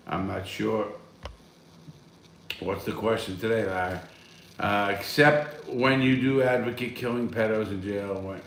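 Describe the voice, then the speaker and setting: Man, live-stream host, blunt and profane, rambling chat, medium pitch, roomy echoey sound. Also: sharp tone, slight background noise. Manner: blunt, heavy swearing, rambling. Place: at home, smoking a cigar.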